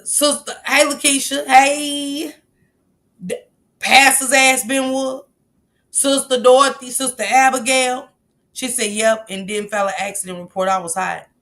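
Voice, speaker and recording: A woman hosting a casual livestream, reacting emphatically to viewer comments, blunt and quick to laugh. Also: high-pitched, steady tone, a bit bright. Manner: laughs often, blunt and profane. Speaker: livestream host reading viewer chat.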